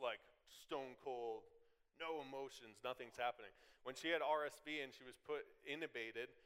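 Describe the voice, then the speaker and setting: A man delivers a sermon in a loose, conversational voice that drifts into side tangents. His voice is smooth and resonant, with a long reverb trailing behind it in a large hall. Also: mid-range voice, a bit bright. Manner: conversational, goes off on side tangents with laughing asides. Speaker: preacher.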